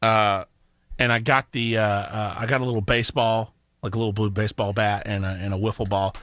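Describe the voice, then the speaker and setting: Bright, animated young male co-host, joking, teasing, dry close studio sound. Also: fairly low pitch, brisk, no echo. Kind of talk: casual radio talk show banter.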